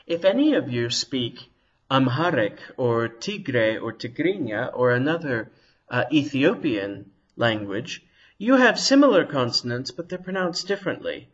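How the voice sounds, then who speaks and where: A man's voice: medium pitch, sing-song, measured pace, poor audio. A man teaching a recorded language lesson, explaining patiently and sounding out consonants to demonstrate them.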